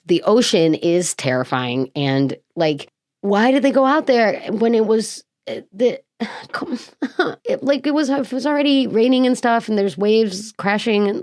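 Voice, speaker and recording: A woman podcast host reading a mystery script aloud and breaking off into jokey, animated asides full of quick self-interruptions. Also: medium pitch, dry recording, studio quality.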